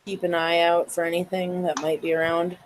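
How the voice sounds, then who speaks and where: A player in a tabletop game, speaking calmly and unhurriedly. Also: mid-range voice, a little fast, low-quality recording. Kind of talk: casual game chat.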